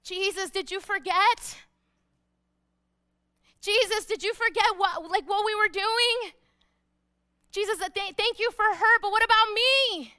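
Woman preacher voicing a frantic father, raised, bright, urgent. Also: very high-pitched, a little slow, long pauses, no room sound, clean studio sound, pitched above the performer's own voice, heavily acted. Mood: pleading. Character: desperate father, middle-aged man, pleading and impatient.

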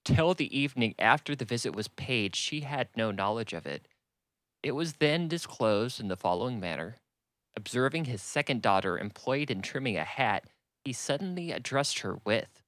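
A man reading a classic novel aloud in a measured, even manner. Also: medium pitch, no echo. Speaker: audiobook reader.

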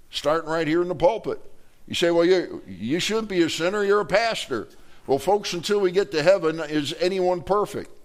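A man preaching a sermon from a church pulpit to his congregation, talking in a loose, conversational way, restarting his words and joking with the people. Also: on the high side. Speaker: pastor. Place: church sanctuary.

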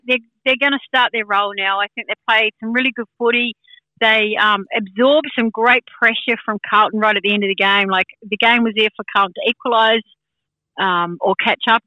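Casual woman pundit talking footy, lots of ums, bright tone, dry mic. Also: fairly high pitch, moderate pace, no echo, rough recording. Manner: chatty, laughs often, many fillers. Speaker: football pundit. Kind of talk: casual sports chat.

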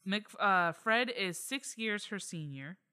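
Woman podcast host, bright tone, smooth clear voice, joking storyteller. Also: mid-range voice, takes it slowly. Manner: jokey, animated storyteller. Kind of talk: casual storytelling chat.

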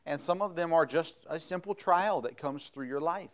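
A man's voice: a little high, normal speed. A middle-aged man preaching casually, reading old-style scripture and then explaining it in a folksy, chatty way with frequent fillers. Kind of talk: casual sermon with Bible reading.

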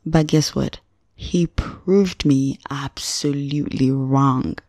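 Young woman podcaster, low mellow voice, dry close sound, chatty and slangy. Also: fairly even intonation, slow, no room sound. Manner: chatty and slangy, addresses listener directly. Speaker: podcast host, film reviewer. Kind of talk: casual spoken movie review.

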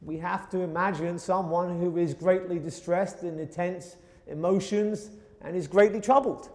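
High-voiced man preaching in a reverberant hall. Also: fairly even intonation, moderate pace, darkish tone. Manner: earnest, acts out quoted pleas with rising pitch. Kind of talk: sermon.

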